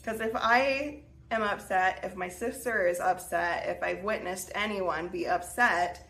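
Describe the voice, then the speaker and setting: A woman's voice: mid-range voice, a little slow, fairly bright tone, a little hiss or hum. A young woman hosting a podcast, telling a personal story in a chatty way with lots of fillers and restarts. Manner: chatty, filler-heavy with many restarts and 'like'. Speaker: podcast host. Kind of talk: casual storytelling.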